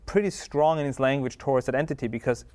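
A man explaining scripture in a casual religious discussion, halting with fillers. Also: medium pitch, darkish tone, dry recording.

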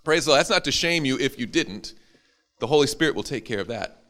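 A man's voice: mid-range voice, animated, a little fast, bright, forceful tone. A man, a preacher, teaching an interactive Bible class to a live audience, joking and quizzing them as he goes.

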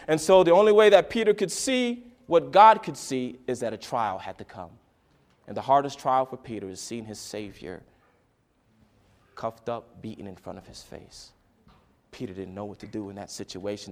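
A man preaching a sermon, swinging between quiet, intimate lines and loud, dramatic bursts as he acts out a story. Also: medium pitch, expressive, normal speed. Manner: dramatic swings from soft to loud, acting out voices.

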